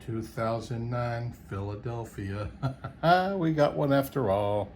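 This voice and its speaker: A slow, easygoing man in middle age talks to his camera while he sorts through coins. His low, mellow voice is folksy and full of small chuckles, and a faint hiss of noise sits under it. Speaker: coin roll hunter. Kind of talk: casual solo video commentary.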